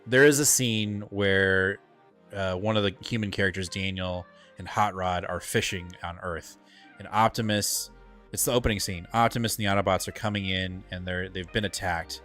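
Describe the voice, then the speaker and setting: A man co-hosting a live comic book show, talking in a rambling, excitable way with lots of filler words and casual swearing. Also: deep voice, normal speed, soft background music. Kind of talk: casual live-stream chat.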